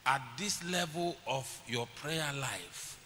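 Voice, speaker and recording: A man's voice: mid-range voice, expressive, slow, bright, forceful tone. A middle-aged man preaching a sermon as pastor, telling family stories and acting out his children's voices. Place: church hall. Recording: long church reverb, faint hiss.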